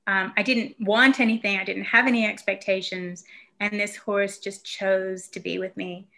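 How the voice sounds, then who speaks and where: Bright-voiced woman telling a story. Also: mid-range voice, fairly even intonation, moderate pace, vocal fry. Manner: warm, reflective storytelling with fillers and restarts. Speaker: guest telling a childhood story. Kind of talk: casual conversation.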